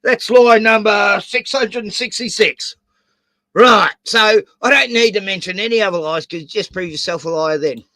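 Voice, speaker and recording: Older man, stream host, high and sharp, exasperated and foul-mouthed, dry close mic. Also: normal speed, dry recording. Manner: swearing, exasperated, talks over. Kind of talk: heated livestream argument.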